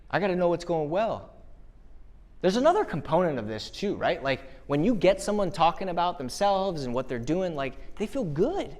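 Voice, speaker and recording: High-ish voiced guy doing a live motivational keynote, punchy, hypes up the room with quick questions. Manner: punchy, energetic, asks the crowd rhetorical questions. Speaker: motivational speaker. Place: live event venue.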